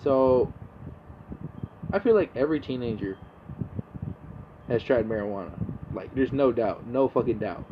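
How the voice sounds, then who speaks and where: A man's voice: mid-range voice, expressive, unhurried, long pauses, highs cut off, background noise. A young man hosting a casual monologue podcast, laid-back and rambling, swearing freely. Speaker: podcast host.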